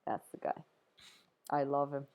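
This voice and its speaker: A woman's voice: rumbling low, monotone, measured pace, darkish tone. A woman hosting a casual art livestream, chatty and giggly, often trailing off mid-sentence. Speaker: livestream host. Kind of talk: casual chat.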